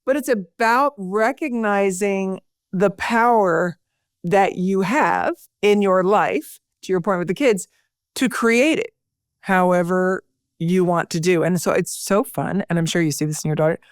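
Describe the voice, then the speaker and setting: A middle-aged woman, a podcast guest, telling lively stories and acting out the voices she quotes. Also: lowish voice, unhurried, clear, resonant tone, dry recording, clean studio sound. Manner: animated storyteller, acts out quoted voices. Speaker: podcast guest, broadcaster and speaker. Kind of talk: conversational interview.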